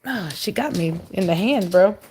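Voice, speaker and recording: A woman's voice: mid-range voice, animated, moderate pace, darkish tone, a little hiss or hum. A woman breeding dogs, chatting casually on a livestream and teasing her puppies in a playful scolding way. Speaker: dog breeder hosting a livestream.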